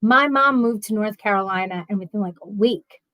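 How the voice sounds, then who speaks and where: A woman's voice: mid-range voice, brisk, pushed and bright, dry recording. A woman with a New York accent chatting casually as a livestream host, reading chat messages aloud and rambling with frequent laughs.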